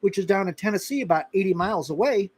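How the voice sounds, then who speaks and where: A man's voice: high voice, lively intonation, fast, darkish tone, breathy edge, no room sound, rough recording. A middle-aged man from Florida hosting a casual live chat, talking in a rambling, conversational way with restarts and asides. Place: rural outpost in western Kentucky.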